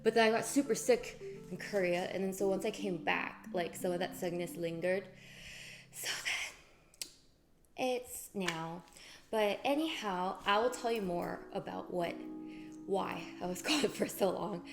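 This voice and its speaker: A woman's voice: fairly low pitch, unhurried, creaky. A woman streamer chatting casually with her viewers, bubbly and effusive, gasping and greeting people by name. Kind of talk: casual live-stream chat. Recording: music playing behind.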